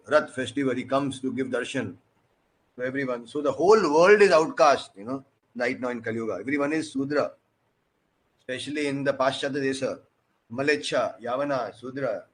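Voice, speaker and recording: Guy preaching, telling an old story, mid-pitched, lots of you know. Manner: animated, with many "you know" fillers and questions to the audience. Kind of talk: storytelling sermon.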